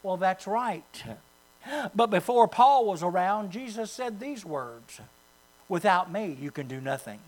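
A pastor preaching a sermon, swinging from loud, rising calls to hushed, low asides, with mains hum behind. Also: male voice, expressive, a little slow, low-quality recording.

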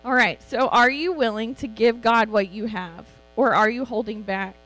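A middle-aged woman giving an informal, chatty sermon as a Bible teacher, animated and quick to laugh. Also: on the high side, poor audio.

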